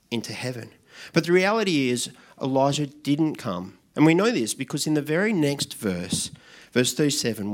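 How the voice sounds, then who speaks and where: A pastor, giving a conversational sermon that drops to a hushed, quiet voice for reflective questions. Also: male voice, mid-range voice.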